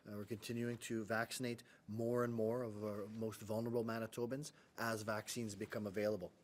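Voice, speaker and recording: A man serving as a public health official gives a press briefing update. His voice is low and flat, and he speaks in a steady, matter-of-fact way, often pausing with "uh.". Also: a little hiss or hum. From Canada. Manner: even, matter-of-fact, frequent "uh" fillers.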